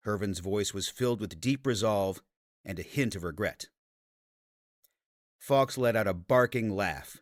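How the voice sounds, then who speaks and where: A man narrating a fantasy audiobook in a steady, even storytelling manner. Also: lowish voice, a little slow, no echo, clean studio sound. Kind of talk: scripted narration.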